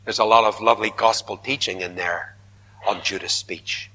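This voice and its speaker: Male preacher, bright and emphatic, recorded with long hall reverb. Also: on the low side, steady tone, moderate pace. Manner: emphatic, rising to loud repeated protests. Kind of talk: sermon.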